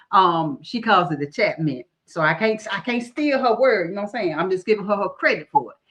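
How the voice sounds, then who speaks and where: A woman's voice: mid-range voice, a bit bright. Folksy woman telling stories. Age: middle-aged. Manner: storytelling, folksy, calls listeners honey and baby. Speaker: guest, online creator. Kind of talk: casual livestream chat.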